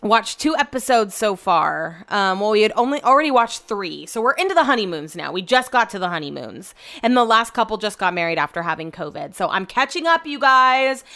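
A young woman chatting casually to her camera at home, animated and swearing freely as she tells stories. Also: medium pitch, a little fast, few pauses. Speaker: vlogger. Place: home room.

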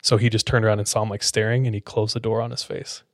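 A man hosts a podcast and tells a scary story in a relaxed, casual way. His voice is on the low side and sounds dry and close to the mic. He keeps dropping in "like" as he talks. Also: fast talker, no room sound. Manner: relaxed, fills speech with "like". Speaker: podcast host.

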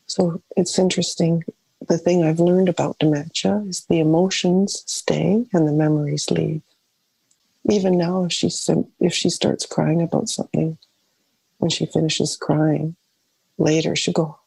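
A woman's voice: deep voice, steady tone, measured pace, vocal fry, dark tone, breathy edge, no room sound, rough recording. A middle-aged woman caring for her mother, speaking candidly and searchingly about her family, often restarting her sentences. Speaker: family caregiver. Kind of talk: reflective personal interview.

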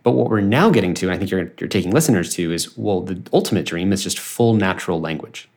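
A man's voice: deep voice, expressive, fast talker, a little mellow. A middle-aged male podcast host who talks in long, winding sentences while steering the conversation. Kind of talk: conversational interview.

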